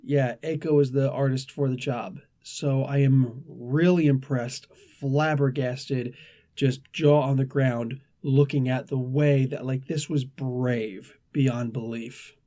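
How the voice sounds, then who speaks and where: A man's voice: mid-range voice, fairly even intonation, slow, dark tone. A man hosting a casual comic book review, talking in a chatty, rambling way with asides and restarts.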